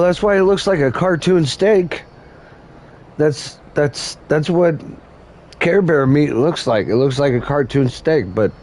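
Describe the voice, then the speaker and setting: A man's voice: medium pitch, a little mellow. A man hosting a gaming channel, chatting casually while he plays, rambling and laughing at his own jokes. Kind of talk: casual chat while playing a game.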